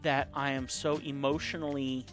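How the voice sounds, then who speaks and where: A man's voice: medium pitch, flat delivery, moderate pace, soft background music. Chatty man on an art stream. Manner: rambling, reads viewer comments aloud. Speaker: caricature artist live-streaming. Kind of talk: casual live-stream chat.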